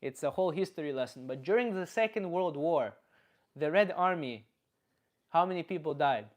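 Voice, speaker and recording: A man from Canada holds loose live stream chat, rambling and swearing freely. His voice sits a bit higher than most men's. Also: animated, normal speed. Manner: rambling, profane, reads chat aloud. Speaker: comedian streamer.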